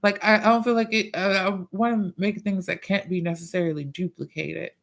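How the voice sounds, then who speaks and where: A man hosting a casual livestream, reading viewer comments and chatting in a profane, drawn-out way. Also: high voice, fairly even intonation, creaky, a bit bright. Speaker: livestream host and musician.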